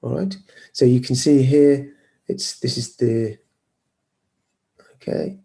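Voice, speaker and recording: Male lecturer on a video call, mellow tone, hesitant delivery with restarts. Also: mid-range voice, slow pace, vocal fry. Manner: hesitant, apologetic, many fillers and restarts. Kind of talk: online lecture with screen sharing.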